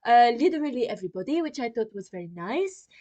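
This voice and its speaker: Young woman, podcast co-host, bubbly, laughs a lot, slightly high voice. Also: very animated, fast talker, mellow, highs cut off. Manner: bubbly, laughs often, acts out quotes. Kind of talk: casual film chat.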